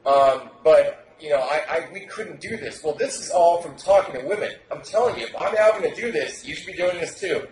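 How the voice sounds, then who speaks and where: Brash, profane male coach, slightly high, projecting hard; roomy echo. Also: expressive, fairly quick, few pauses, a little mellow. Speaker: dating coach. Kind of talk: animated podcast talk. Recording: roomy echo, faint noise.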